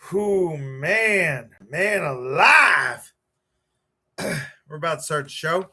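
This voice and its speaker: A man hosting his live stream, hyped up and emotional, stammering and repeating words as he warms up the show. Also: on the high side, expressive, extremely slow, pauses often. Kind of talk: excited live-stream chat.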